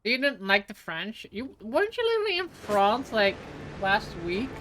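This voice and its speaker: A woman's voice: fairly high pitch, sing-song, measured pace, noisy background. A young adult woman streaming a game live, chatting casually and playfully with lots of "like" fillers. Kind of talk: casual live gameplay chat.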